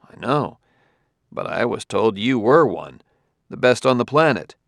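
A man's voice: mid-range voice, sing-song, a little slow, dry recording, clean studio sound. A man voicing an earnest, persistent male investigator in an audiobook, asking pressing questions. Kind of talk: audiobook character voice.

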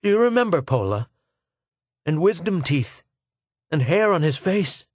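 A man's voice: a little high, lively intonation, measured pace, dry recording, pitched above the performer's own voice. A man voicing a frail older male scientist who speaks in a feeble, wondering way, recorded dry.

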